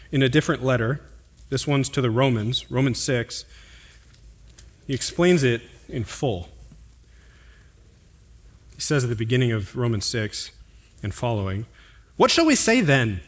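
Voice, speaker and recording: A male pastor preaching a sermon, climbing to emphatic, higher-pitched stresses on key points and dropping low and quiet for asides and scripture references. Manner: drops to a quieter, lower tone for asides and reading references.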